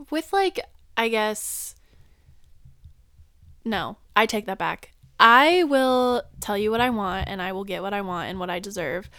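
A young woman in casual chat, telling lively stories and mimicking the people in them. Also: mid-range voice, measured pace, no echo. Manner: animated storyteller, mimics people.

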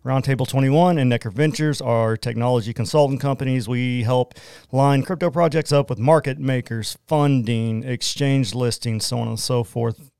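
A man's voice: mid-range voice, fairly even intonation, normal speed, a little mellow, clear, resonant tone, no room sound, clean studio sound. A man with an Oklahoma accent, a guest on a radio show, talking casually and energetically, often saying "man" and "you know". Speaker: guest, entrepreneur. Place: small studio.

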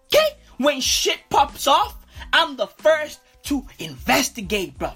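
A woman's voice: high-pitched, huge pitch swings, takes it slowly, a bit bright, faint music behind, heavily acted. A woman playing a boastful, foul-mouthed male street bro who talks in cursing slang and keeps saying "bruv", in a comedic character monologue.

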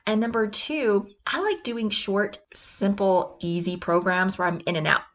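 A woman hosting a motivational podcast, talking with energy and laughing often, sometimes dropping into gruff chanted quotes. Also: mid-range voice, unhurried, fairly bright tone. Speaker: podcast host.

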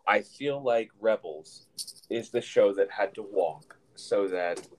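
A man's voice: on the low side, slow pace, darkish tone, poor audio. A man co-hosting a casual podcast, talking in a rambling, chatty way with many fillers and restarts. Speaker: podcast co-host.

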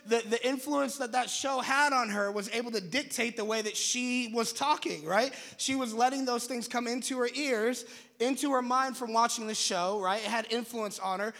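High-voiced young preacher in a hall. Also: male voice. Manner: animated, conversational preaching. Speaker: pastor. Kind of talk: sermon. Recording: long hall reverb.

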